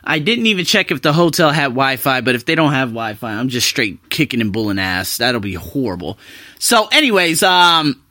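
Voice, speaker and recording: A young man chatting casually to his viewers as a vlogger, animated and talkative, jumping between loud bursts and quiet asides. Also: mid-range voice, moderate pace, dry recording, clean studio sound. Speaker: vlogger living abroad. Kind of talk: casual talk to camera.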